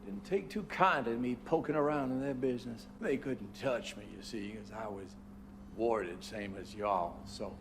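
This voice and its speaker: An actor playing a scheming, menacing former scholar who talks in a drawling, mocking way, sometimes dropping to a hush. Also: male voice, medium pitch, moderate pace, lightly acted. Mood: confiding. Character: scheming older male ex-scholar, menacing, folksy. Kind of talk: TV drama acting. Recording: TV clip audio with steady hum.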